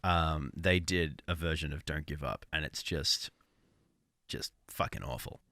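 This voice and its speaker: A man's voice: rumbling low, a little slow, vocal fry, sharp tone, no room sound, clean studio sound. A man from Australia, co-hosting an album chat in a laid-back, joking way with casual swearing. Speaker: co-host reviewing albums.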